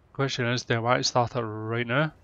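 A man commentating his gameplay, loud and excitable, swearing often. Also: mid-range voice, muffled recording. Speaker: gamer. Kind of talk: let's-play commentary.

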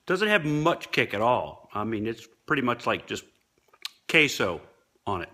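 Lively, bright-voiced man reviewing food. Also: mid-range voice, a little slow, husky. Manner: chatty, tastes and comments between bites. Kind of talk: casual food review vlog.

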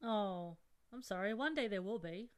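A woman's voice: mid-range voice, animated, moderate pace, dry recording. Giggly woman hosting a podcast. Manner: giggly, playful and chatty. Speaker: podcast host. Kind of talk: casual chat.

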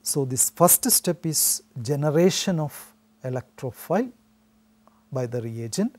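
A male chemistry teacher from India with a dark-toned, slightly high voice delivers a recorded classroom lecture a little slowly. He explains steadily, frequently restarting with "so."

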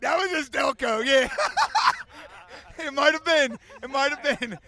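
A man hosting street interviews outdoors at a stadium parking lot, loud, profane and full of hype-man energy. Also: very high voice, unhurried. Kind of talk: hyped vox-pop interviewing. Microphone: handheld mic.

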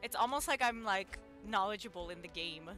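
A young woman streaming gameplay, talking to her viewers in an excitable, giggly way with frequent gasps and exclamations. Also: medium pitch, fairly quick, faint music behind. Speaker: gaming streamer. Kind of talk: live gameplay commentary.

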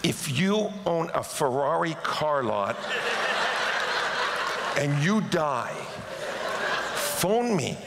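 Pastor type, male, very gravelly voice, lively storyteller; recorded in a long-reverb church hall. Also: on the high side, drawn-out words, long pauses, very noisy. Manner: animated storyteller who acts out the people in his stories. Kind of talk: sermon storytelling. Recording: echoey hall.

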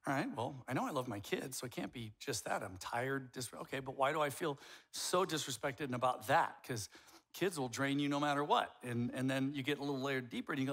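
A man preaching a sermon as pastor in a casual, conversational way, acting out examples and swinging from quiet asides to loud outbursts. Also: mid-range voice, brisk.

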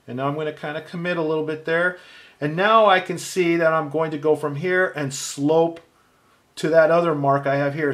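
A man with a slightly higher voice gives a patient, step-by-step drawing lesson. He talks himself through each mark as he works, relaxed and unhurried. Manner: calm, thinking aloud while drawing. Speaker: art teacher.

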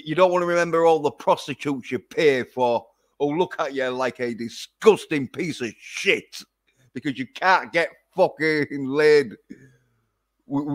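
A man ranting profanely in a casual livestream. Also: on the high side. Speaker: vlogger.

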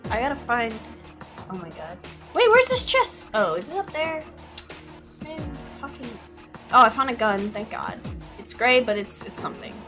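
A woman's voice: a little high, animated, over music. A young woman playing a video game with a friend, chatting casually, swearing and yelping at the game. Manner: loud swearing outbursts, quick laughs. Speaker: gaming YouTuber. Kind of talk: casual gaming commentary.

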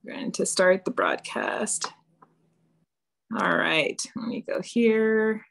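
A woman leading a casual chat on a video call, upbeat and filling her pauses with "um" and "you know". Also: mid-range voice, big pitch swings, creaky, a bit bright.

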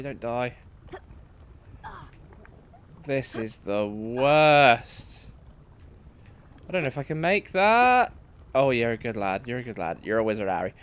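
A man's voice: medium pitch, very animated, takes it slowly, long pauses, a bit bright, smooth. A man livestreaming gameplay commentary, frustrated and swearing through exasperated outbursts. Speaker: let's play streamer.

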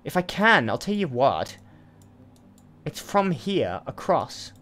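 A man's voice: on the high side, sing-song, slow, fairly bright tone, slight background noise. A man hosting a let's play, giving chatty, casual commentary and thinking aloud with asides as he plays.

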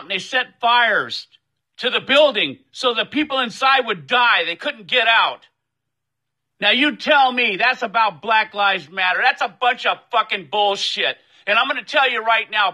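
A man's voice: very high-pitched, bright, forceful tone, poor audio. A furious man ranting to his social media followers, swearing often and demanding that his video be shared. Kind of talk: angry profane rant to camera.

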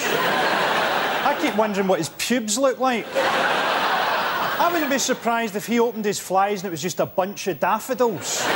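Deadpan male comic. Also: very high-pitched, background noise. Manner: dry, deadpan delivery. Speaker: panellist. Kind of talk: deadpan stand-up. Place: TV studio.

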